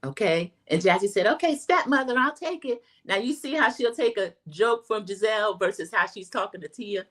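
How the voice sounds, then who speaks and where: A woman's voice: mid-range voice, a little fast, hardly any pauses, fairly bright tone. A middle-aged woman hosting a casual livestream recap, chatting straight to her viewers. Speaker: host.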